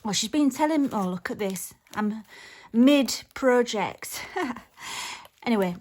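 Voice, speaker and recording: A woman's voice: fairly high pitch, lively intonation, takes it slowly, darkish tone. Chatty woman gushing over an unboxing. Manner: chatty and gushing, frequent small laughs. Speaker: craft vlogger. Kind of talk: casual unboxing chat to camera. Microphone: phone.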